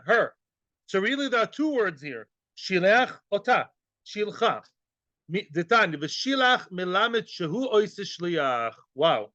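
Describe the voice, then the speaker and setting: High, bright-voiced man teaching Talmud. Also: no room sound, muffled recording. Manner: jokey, quizzes the class with questions. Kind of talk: Talmud class lecture.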